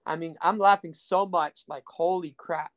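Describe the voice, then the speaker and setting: A young man from South Texas rambles through a crude anecdote for his podcast. His voice sits a touch higher than most men's. He fills the gaps with ums and asides, and he jokes at his own expense. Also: steady tone, normal speed, fairly bright tone. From Rio Grande Valley, Texas. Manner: rambling, crude, joking, full of fillers. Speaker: podcast host. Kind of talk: casual storytelling podcast.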